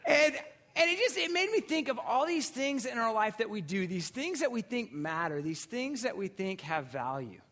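Pastor guy preaching, kinda high voice, chatty and animated, lots of restarts. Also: normal speed. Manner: casual storytelling with restarts and animated asides. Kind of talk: sermon. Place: church sanctuary.

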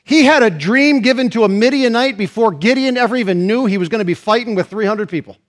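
A pastor preaching a sermon and reading scripture, slowing and rising on stressed phrases. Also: male voice, high voice.

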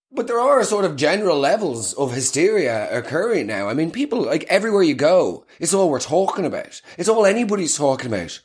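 Brash young Irish comic. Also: male voice, a little high. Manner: brash, profane, mocking storytelling. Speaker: comedian. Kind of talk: comic monologue.

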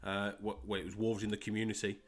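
A young man with a West Midlands English accent, hosting a solo soccer podcast and talking in a halting way with many fillers and repeated words. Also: fairly low pitch, level tone. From England. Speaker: podcast host and soccer coach.

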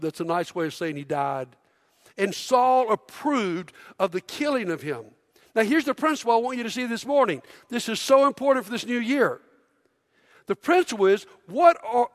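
A middle-aged man preaching a sermon in a church, energetic and conversational, prompting the congregation. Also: sits high. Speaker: pastor. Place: church auditorium. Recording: long hall reverb.

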